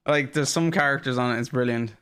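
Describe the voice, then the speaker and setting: A young Irish man co-hosting a podcast, telling stories in a sweary, animated way. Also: mid-range voice, fast talker, clean tone. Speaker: podcast co-host. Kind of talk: casual chat.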